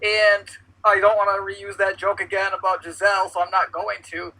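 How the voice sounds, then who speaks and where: A man talking football on a casual podcast, his voice high and piercingly bright. He gets excitable, swears freely and acts out big moments loudly. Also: normal speed, rough recording. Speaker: podcast co-host. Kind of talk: casual sports chat.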